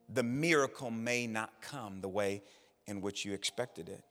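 A man preaching a sermon as pastor, swinging between hushed low lines and loud shouted bursts. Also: unhurried. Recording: hall reverb, faint music behind.

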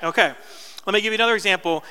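Speaking very fast in a high, pushed and bright voice, a pastor in his thirties from New Jersey gives a casual, story-driven sermon with asides to the congregation. The tone is clean despite the reverberant church hall.

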